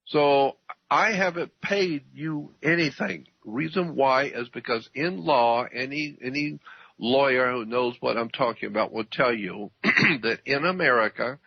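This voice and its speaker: A man explaining at length as a radio guest, emphatic, repeating his points and often clearing his throat. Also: mid-range voice, no room sound. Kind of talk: lecturing radio talk. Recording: dull dry radio audio.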